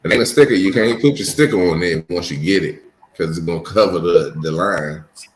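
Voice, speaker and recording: Deep-voiced laid-back man. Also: fairly quick. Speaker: co-host. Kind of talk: casual chat. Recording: echoey room, faint noise.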